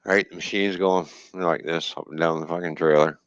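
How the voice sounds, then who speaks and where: A man's voice: low voice, normal speed, no echo. A man telling a trucking story in casual, profane talk, laughing and quoting people as he goes. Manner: profane, laughing, animated retelling with quoted dialogue. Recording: dull lo-fi dry stream audio.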